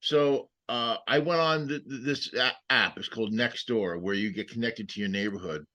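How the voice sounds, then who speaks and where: A man's voice: medium pitch, moderate pace, pushed and bright. A man in his sixties, a podcast co-host, telling a story in casual chat, swearing freely. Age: 60s.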